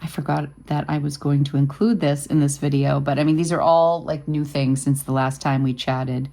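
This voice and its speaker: A woman's voice: deep voice, flat delivery, moderate pace, vocal fry, dark tone. A woman in her fifties hosting a vlog, chatting casually and rambling with lots of fillers. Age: 50s. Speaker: vlog host. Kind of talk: casual chat.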